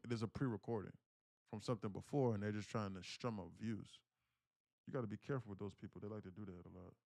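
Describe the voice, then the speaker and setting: A man's voice: lowish voice, quick pace, creaky, darkish tone, no room sound, clean studio sound. A man talking casually to his livestream audience, telling a story animatedly in street slang. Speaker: day trading livestreamer.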